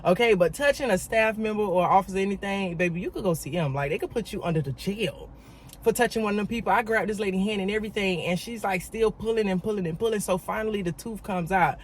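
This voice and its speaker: A woman telling a story in a casual vlog, emphatic and animated, talking straight to her viewers and repeating words for emphasis. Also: medium pitch, fast talker, a little hiss or hum. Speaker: vlogger.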